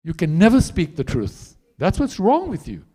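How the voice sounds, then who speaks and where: A man doing a jealous young woman scolding her lover, sharp and sarcastic, the pitch leaping high then dropping low in a storytelling sermon. Her scolding lines push up loud and strained. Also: wildly swooping pitch, normal speed, heavily acted. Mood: angry scolding.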